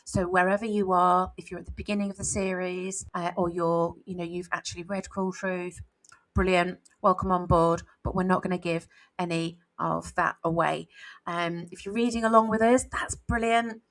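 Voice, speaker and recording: A woman's voice: fairly low pitch, steady tone, moderate pace, low-quality recording. Woman, 40s, author co-host; candid, reflective podcast chat, lots of "you know"s.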